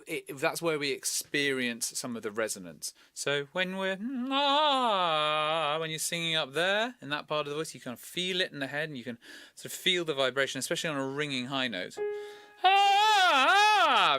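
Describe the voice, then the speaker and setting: A male tenor vocal coach giving an unhurried lesson, explaining as he thinks aloud with small fillers. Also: medium pitch, pushed and bright, no echo. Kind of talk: instructional talk with sung demonstrations.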